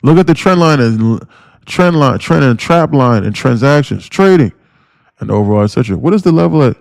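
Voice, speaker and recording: A man giving live day-trading commentary on a stream, talking in an animated, emphatic way that keeps repeating and restarting phrases. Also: medium pitch, brisk, gravelly, dry recording, studio quality.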